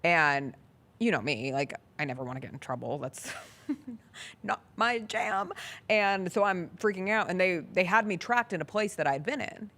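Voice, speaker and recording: Woman talk show host, low voice, earnest storyteller, chatty. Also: a bit bright. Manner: earnest storytelling, acts out quoted dialogue. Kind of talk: casual chat.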